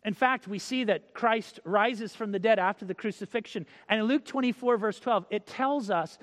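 A male preacher giving a sermon, telling stories, acting out quotes and reading scripture slowly. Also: sits high, a bit bright, in a large hall. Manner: storytelling, acts out quotes, reads scripture slowly.

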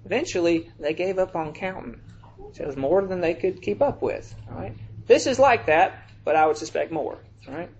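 A man preaching a sermon in a conversational way, checking in with his listeners and reading scripture slowly with heavy emphasis. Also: a little high, animated, darkish tone, muffled recording, a little hiss or hum. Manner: reads scripture aloud in slow, drawn-out emphasis; conversational, checks in with "all right?".

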